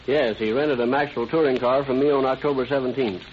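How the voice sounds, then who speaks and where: A man's voice: mid-range voice, fairly even intonation, a little fast, slight background noise, natural voice. An actor playing a male car-rental owner giving plain, factual testimony, in 1940s radio acting. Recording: muffled old radio broadcast.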